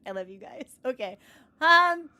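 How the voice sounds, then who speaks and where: A young woman streaming from her computer desk chats casually with her audience in a high, bright, forceful voice that is animated yet unhurried. The talk is earnest and rambling, peppered with restarts and "like"s.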